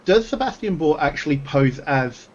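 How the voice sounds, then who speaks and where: A man playing in a tabletop game, talking slowly and carefully with many hesitations. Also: fairly high pitch, lively intonation, lo-fi sound, slight background noise. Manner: hesitant, full of ums and long careful sentences. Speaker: player. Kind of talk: tabletop game role-play chat.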